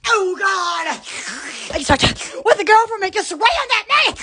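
A woman's voice: extremely high pitch, sing-song, normal speed, shouting, heavy background noise. A woman hosting an Instagram live from home on her phone, chatting in a rambling, giggly, exclamatory way. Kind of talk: rambling live-stream chat.

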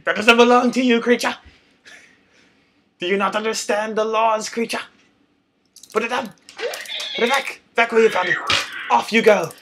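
A man playing a panicked guy who shouts at a creature that has got into his house, in goofy improvised role-play. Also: sits high, steady tone, moderate pace, pauses often, background noise, voice pushed up, lightly acted. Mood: shouting. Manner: frantic shouting, mock-heroic.

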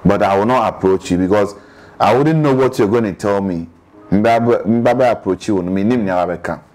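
A man's voice: on the low side, moderate pace, darkish tone. A man from Ghana with a Ghanaian accent, talking casually as an interview guest in Dubai and switching between English and Twi with lots of restarts.

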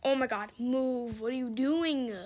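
A woman's voice: high-pitched, unhurried, darkish tone. A young woman giving casual, exclamatory commentary while playing a game, often frustrated and laughing. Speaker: gamer.

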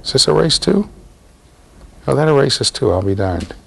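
A man lecturing a university class in a lively, jokey way, talking straight to the students. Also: medium pitch, normal speed, gravelly, husky. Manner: animated, jokey, talks to students directly.

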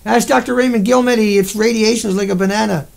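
A man's voice: sits high, fairly even intonation, fast, creaky. A man with a Newfoundland accent hosting a livestream, ranting in a heated, rambling and profane way. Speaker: livestream host. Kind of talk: angry livestream rant.

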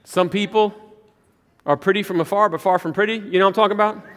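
High-voiced joking pastor in echoing church. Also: male voice, steady tone, fast talker. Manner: playful, joking, asks the crowd rhetorical questions. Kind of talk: sermon. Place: church sanctuary. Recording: long church reverb.

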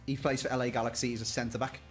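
A man's voice: medium pitch, little pitch movement, racing, faint music behind. A man bantering as a gaming opponent, teasing and jokey in casual chat. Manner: teasing, jokey, wildly swooping delivery.

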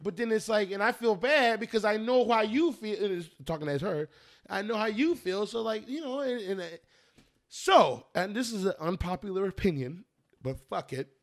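Rambling, profane young man talking high. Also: moderate pace. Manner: rambling, profane, restarts often, animated storytelling. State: has been drinking. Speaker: podcast host. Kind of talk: casual chat.

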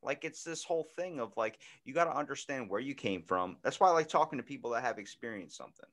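A man hosting a podcast in casual chat, telling stories with lively acted-out voices and plenty of swearing. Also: mid-range voice, fast talker. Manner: animated storyteller acting out voices, swears freely. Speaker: podcast host.

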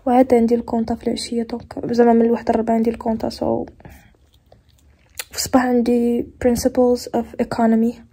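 A woman's voice: a little high, monotone, rapid-fire, mellow, slightly rough. A young woman with a Moroccan accent chatting casually in a vlog, switching languages freely and sounding tired and sleepy. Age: young adult. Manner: chatty, switches between English, French and Darija. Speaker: vlogger.

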